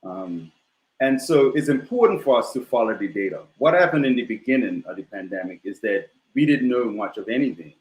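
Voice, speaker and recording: A man's voice: mid-range voice, lively intonation. Man on a talk show, roomy sound. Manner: measured, frequent "you know" fillers. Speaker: guest. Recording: roomy echo.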